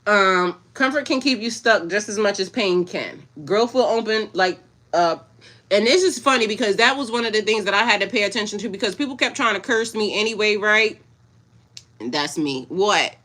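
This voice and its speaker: A woman in her forties talks casually to her livestream viewers as a spiritual coach. Her voice is bright and forceful. She is blunt, swears freely and breaks into laughter often. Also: medium pitch, normal speed.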